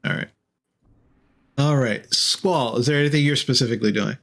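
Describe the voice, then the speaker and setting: A man's voice: mid-range voice, normal speed, fairly bright tone. A man narrating as game master of a tabletop game, rambling and using lots of fillers. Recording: faint music behind.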